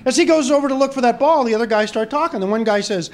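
A man doing stand-up, telling joke after joke at a brisk pace and shouting the punchlines in character. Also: very high-pitched. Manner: brisk punchline delivery, voices shouted golfer lines. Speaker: stand-up comedian.

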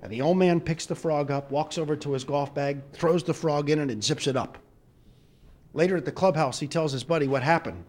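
A man doing stand-up, telling jokes in a lively storytelling way and chuckling at his own punchlines. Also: fairly high pitch, fairly quick. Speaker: comedian.

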